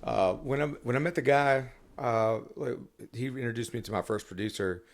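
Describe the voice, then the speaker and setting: A man's voice: medium pitch, normal speed. A man talking as a songwriter guest on a podcast, rambling casually with many restarts and fillers.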